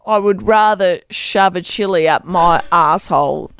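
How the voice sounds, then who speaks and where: A woman's voice: on the low side, measured pace, over a noisy crowd. A woman co-hosting a radio show, blunt and self-mocking in casual studio banter.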